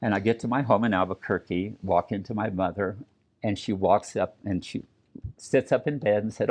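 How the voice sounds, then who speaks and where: An older man from New Mexico shares his family's story in a low, unhurried voice. He speaks with earnest reflection and often pauses or starts a thought over. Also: darkish tone. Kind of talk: personal storytelling talk. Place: community event.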